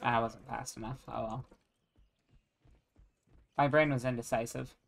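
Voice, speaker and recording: A man streaming a game, chatting casually, quick to exclaim, swear and mock his own play. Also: mid-range voice, gravelly. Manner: excitable, self-mocking, swears. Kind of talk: casual gaming chat.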